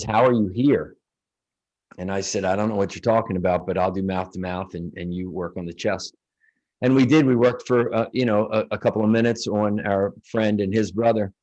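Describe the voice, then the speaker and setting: A man's voice: on the low side, a little mellow, muffled recording. A middle-aged man, a guest in an interview, telling a personal story in earnest and acting out the dialogue.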